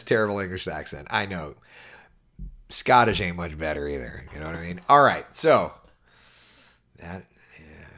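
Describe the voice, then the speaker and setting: A man, a TV meteorologist, chatting casually on a livestream and answering viewer questions. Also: sits low. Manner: chatty, animated, reads viewer comments aloud.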